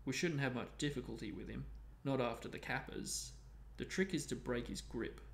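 A man reading a book aloud, voicing a kind, calm male teacher with a friendly manner. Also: mid-range voice, normal speed, vocal fry, close to an everyday voice. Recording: roomy echo.

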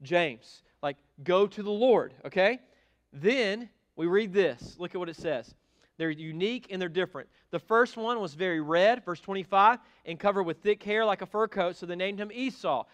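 Animated, emphatic male pastor preaching. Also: high voice, moderate pace. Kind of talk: sermon. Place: church sanctuary.

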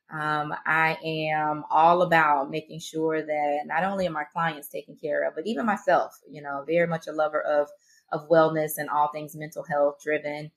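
A woman's voice: low voice, a bit bright. A woman in her forties from Florida with a light Southern twang, a counselor chatting as a podcast guest in a friendly, candid way. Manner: friendly, candid, a little self-deprecating. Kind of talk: casual interview chat.

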